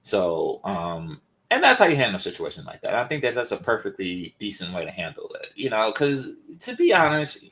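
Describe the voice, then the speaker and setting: A man's voice: lowish voice, wildly swooping pitch, brisk, hardly any pauses, fairly bright tone. Rambling man chatting casually, slightly congested. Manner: rambling, conversational, many fillers. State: developing a cold. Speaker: channel host. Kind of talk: casual commentary.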